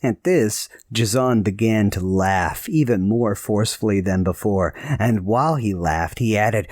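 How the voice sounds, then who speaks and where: A man narrating a novel in a measured storytelling voice. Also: fairly low pitch, darkish tone, dry recording, studio quality. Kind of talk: scripted audiobook narration.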